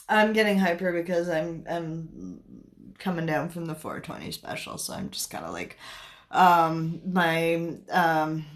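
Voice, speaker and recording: A young woman from Canada hosting a spiritual livestream, chatting casually in a giggly, scattered way and answering her viewers' comments. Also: on the low side.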